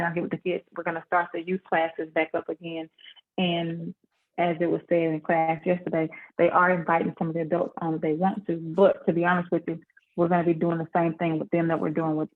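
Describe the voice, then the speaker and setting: A woman leading a Bible class over a video call, talking in a folksy, conversational way with a relaxed dialect. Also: fairly low pitch. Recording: tinny phone-like video call audio.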